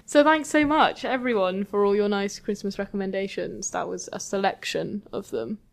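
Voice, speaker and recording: A woman's voice: medium pitch, normal speed, creaky. A woman co-hosting a casual pop culture podcast, chatty and enthusiastic with lots of fillers. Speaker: podcast co-host.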